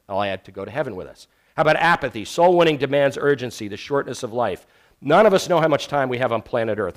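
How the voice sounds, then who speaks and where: Male preacher, earnest sermon delivery, mid-range voice, storytelling with quiet emphatic drops. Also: mid-range voice. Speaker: evangelism teacher. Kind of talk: sermon on sharing faith.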